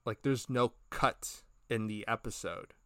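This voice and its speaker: A man's voice: lowish voice, unhurried, clean tone, no room sound, clean studio sound. Rambling, chatty male podcast cohost. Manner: rambling, animated retelling with many fillers and acted quotes. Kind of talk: casual review chat.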